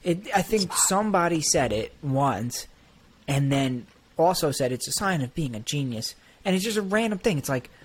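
A man's voice: a little high, animated, normal speed, husky. A man co-hosting a podcast, joking and swearing through hot takes. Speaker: podcast co-host. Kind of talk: casual chat.

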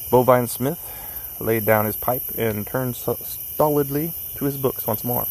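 A man reading a classic story aloud at an unhurried pace, outdoors in a cemetery at night, correcting small slips as he goes. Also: mid-range voice, darkish tone, slightly rough, low-quality recording. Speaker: narrator.

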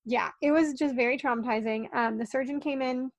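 Podcast guest: young woman, high voice with vocal fry, earnest, talks in quick tumbling bursts. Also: steady tone, dry recording. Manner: tumbling, earnest, many likes and ums. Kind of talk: casual storytelling on a podcast.

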